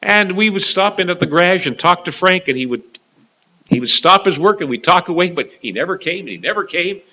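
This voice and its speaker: Bright-voiced earnest male preacher. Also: high-pitched, animated, a little fast, rough recording. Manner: earnest, rising to emphatic preaching, repeats phrases. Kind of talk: gospel sermon with storytelling.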